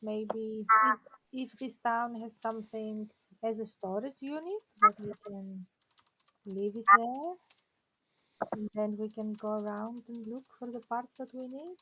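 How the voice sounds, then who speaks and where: A woman player at a tabletop game, soft-spoken and hesitant. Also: fairly high pitch, unhurried, slight background noise, rough recording. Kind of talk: casual tabletop play.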